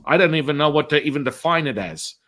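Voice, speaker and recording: A man's voice: fairly high pitch, animated, quick pace, fairly bright tone. A middle-aged man, a spiritual healer, telling a story in a casual interview and acting out the voices of people in it.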